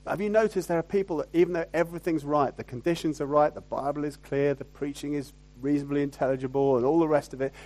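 A male pastor delivers a sermon in a fairly high-pitched, conversational voice. He keeps asking rhetorical tag questions of his listeners. He moves between loud emphasis and quiet, lowered asides. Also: steady tone, fast talker, few pauses.

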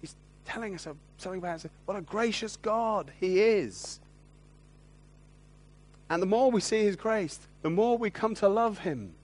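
A man preaching a sermon, earnest and gentle, often drawing his listeners in with tag questions. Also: high-pitched, lively intonation, measured pace.

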